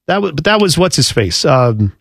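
A man's voice: moderate pace, creaky, no room sound. Chatty guy cohosting, rambles, voice jumps way up, dry close mic. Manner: animated, rambling, jumps up in pitch when flustered. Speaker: podcast co-host. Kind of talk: casual chat.

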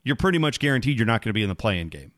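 Animated man on a dry podcast mic. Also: rapid-fire, dry recording. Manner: animated, rises in pitch when exasperated. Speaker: podcast co-host. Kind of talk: casual sports chat.

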